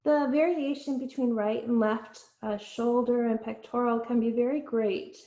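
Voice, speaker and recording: A woman leads a yoga class with slow, soothing instructions and gentle pauses between cues. Her voice sits a little high. The sound carries an echo, as in a bare room. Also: steady tone.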